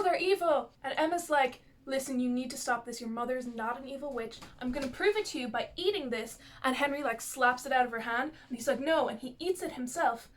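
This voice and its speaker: A woman vlogger rambling through a casual recap of a TV show's plot, with lots of "like" and asides. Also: sits high.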